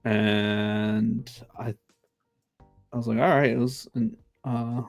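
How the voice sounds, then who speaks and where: A young man telling a halting story in casual chat, stopping often with fillers and laughs. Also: mid-range voice, little pitch movement, vocal fry, dry recording, soft background music. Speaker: podcast co-host.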